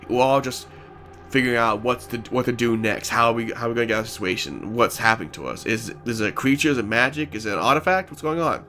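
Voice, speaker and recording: A man's voice: mid-range voice, fast, sharp tone. A man casually recapping a tabletop role-playing session, rambling with frequent restarts and playful sound effects. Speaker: player recapping a tabletop campaign.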